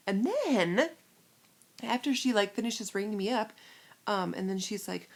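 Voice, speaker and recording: Gravelly, chatty woman from Iowa. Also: mid-range voice, a little fast. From Iowa, USA. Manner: animated, lots of "like" fillers. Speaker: vlogger. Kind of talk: casual storytelling.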